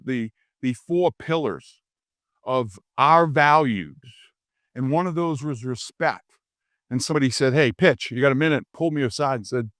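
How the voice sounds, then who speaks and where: A middle-aged man from Louisiana giving a humorous leadership keynote, a lively storyteller who acts out quoted voices. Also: medium pitch, dry recording, studio quality. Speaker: keynote speaker. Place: conference stage.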